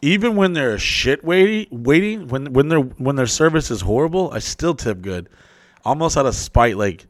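A man's voice: medium pitch, expressive, normal speed, no room sound. A man hosting a podcast, telling rambling, profane stories in casual chat and acting out the people in them. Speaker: podcast host.

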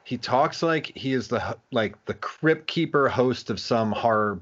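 A man co-hosting a podcast, chatting in an easygoing way with quick asides. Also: mid-range voice, a bit bright. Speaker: podcast co-host. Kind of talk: casual chat. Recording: dull lo-fi sound.

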